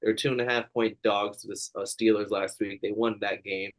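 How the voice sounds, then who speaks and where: A man's voice: lowish voice, little pitch movement, fairly quick, rough recording. A man co-hosting a casual sports betting chat, reasoning through his picks in a laid-back, rambling way. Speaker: podcast co-host.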